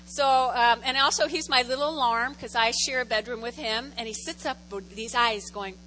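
A woman's voice: fairly high pitch, moderate pace, few pauses, bright, forceful tone, a little hiss or hum, poor audio. A middle-aged woman pastor preaching a conversational sermon in a church, telling stories animatedly and repeating phrases for effect. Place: church sanctuary.

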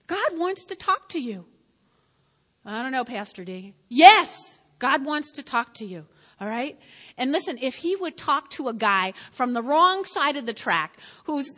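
A woman pastor preaching a sermon to her congregation. She speaks emphatically, repeats her key lines, and swings between loud and quiet. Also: sits high. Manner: emphatic and repetitive, addressing the congregation directly. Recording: long reverb of a church hall.

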